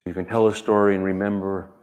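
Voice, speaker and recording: Low-voiced man, gentle reflective reading. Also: flat delivery. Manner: gentle, measured, speaks in short unhurried phrases. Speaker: author giving a reading. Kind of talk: reflective talk and reading aloud.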